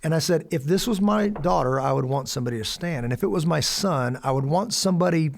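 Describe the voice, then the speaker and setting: A middle-aged American man telling a story as a guest, animated and acting out quoted lines with sudden loud bursts. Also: fairly high pitch, fast, creaky. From United States. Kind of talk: storytelling in a conversation.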